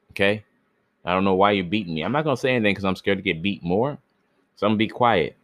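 A man's voice: on the low side, lively intonation, fast, no echo, studio quality. A man hosting a podcast, reading a myth aloud and stopping for joking, slangy asides, stumbling over names. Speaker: podcast host reading myths. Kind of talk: myth reading with casual commentary.

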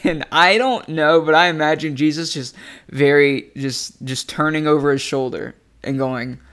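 A man with a slightly higher voice teaches scripture in a relaxed, chatty way. He sounds animated and amused, and breaks into laughter as he talks. He speaks like a friend sharing a Bible lesson rather than delivering a formal sermon. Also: moderate pace, smooth. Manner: animated, conversational, laughing often. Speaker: preacher. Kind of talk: casual devotional teaching.

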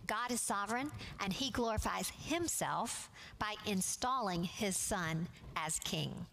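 A woman teaching a Bible study class from slides. She speaks in a measured, earnest way and leans on key words. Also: medium pitch, expressive, gravelly, a bit bright, slight background noise.

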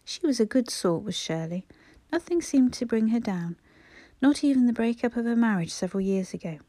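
Soft-spoken woman audiobook narrator. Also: fairly high pitch, animated, brisk, no echo. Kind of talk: scripted narration.

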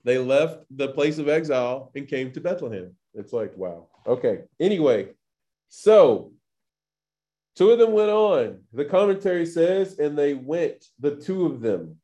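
A man's voice: a little high, lively intonation, unhurried, mellow. Chatty man teaching scripture casually. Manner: chatty, full of "like" and acted-out quotes. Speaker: Torah teacher. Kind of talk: casual scripture study talk.

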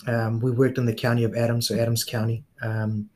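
Middle-aged New Zealand man, relaxed guest storyteller, mid-range voice. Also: mid-range voice, fairly quick. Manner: relaxed storyteller, frequent fillers and laughs. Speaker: guest police officer. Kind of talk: casual interview chat.

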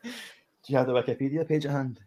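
A man's voice: mid-range voice, steady tone, fast, dark tone, dull audio. A Scottish man hosting a podcast, leading the segments in a casual, easygoing football chat. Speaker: podcast host.

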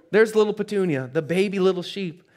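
A man preaching a sermon in a church, telling a story with dramatic swings from loud to hushed and joking asides to the congregation. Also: high voice. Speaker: pastor.

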